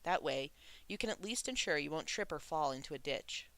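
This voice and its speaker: A reader voicing a gentle, anxious male crown prince who talks in a soothing, reassuring way. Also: medium pitch, animated, fairly quick.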